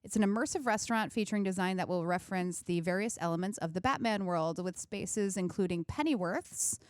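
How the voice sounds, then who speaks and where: A woman's voice: medium pitch, a little fast, a little mellow, no room sound, clean studio sound. A woman co-hosting a pop culture talk show, upbeat and chatty, laughing often as she tells the news. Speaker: podcast co-host. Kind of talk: casual chat.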